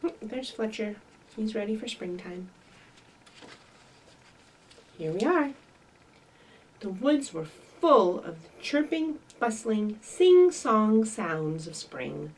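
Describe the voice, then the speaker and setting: Lively woman reading story time, big pitch swings, mic set back. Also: slow pace, pauses often, distant mic, slight background noise, rough recording. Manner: bright, sing-song, animated. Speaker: children's librarian.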